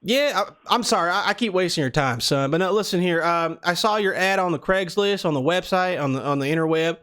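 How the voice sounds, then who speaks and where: A man's voice: sits high, expressive, a little fast, a bit bright, clear, resonant tone. A man putting on a Southern American accent to play a folksy prank caller who rambles and calls people sir and son. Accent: American Southern (put on). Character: folksy Southern man calling about car repair.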